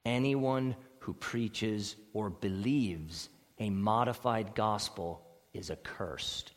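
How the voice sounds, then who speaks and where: A man preaching a sermon as pastor, emphatic, swinging between loud stressed words and quiet low asides. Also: takes it slowly, in a large hall. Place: church sanctuary.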